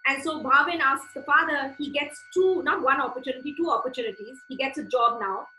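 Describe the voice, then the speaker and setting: A woman's voice: sits high, a little fast, pushed and bright, reverberant, a little hiss or hum, low-quality recording. A woman preaching a sermon with fervent, conversational delivery and repeated phrases.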